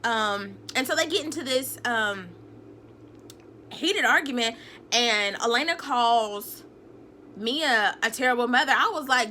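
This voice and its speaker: A woman's voice: on the high side, lively intonation, unhurried, pushed and bright, a little hiss or hum. A young woman, casually recapping a TV episode in a sassy, chatty way. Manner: chatty, sassy, retells scenes acting out quotes. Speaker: TV recap vlogger.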